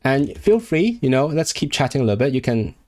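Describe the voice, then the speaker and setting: This Hong Kong streamer has a medium-pitched, darkish voice that moves briskly in a sing-song way. He's indoors at his computer, casually chatting as he tackles language flashcards and thinks out loud with many fillers and restarts.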